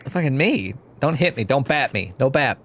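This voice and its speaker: A man chats casually over a story-driven video game, laughing often and cursing freely. His pitch is medium and moves about with animation. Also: very animated, moderate pace, fairly bright tone. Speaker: game streamer. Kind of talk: casual let's-play commentary.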